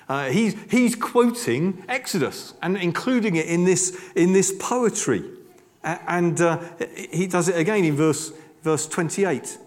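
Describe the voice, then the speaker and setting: An older English man preaches in a lively, emphatic way, his voice rising and falling a great deal and sitting a little high. He often doubles his words and slips in asides. The sound carries a long reverb from a large church hall. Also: a little slow. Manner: animated, emphatic, with frequent repeated words and asides. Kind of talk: sermon.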